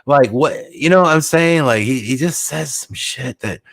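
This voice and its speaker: A man's voice: medium pitch, moderate pace, fairly bright tone, no echo. A man hosting a casual talk show, rambling with many fillers and restarts as he thinks aloud.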